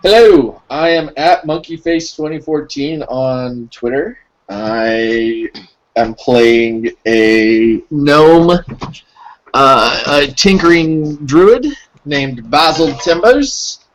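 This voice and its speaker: A man playing in a tabletop game, chatting casually with quick, eager interjections. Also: on the high side, rough recording. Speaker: player.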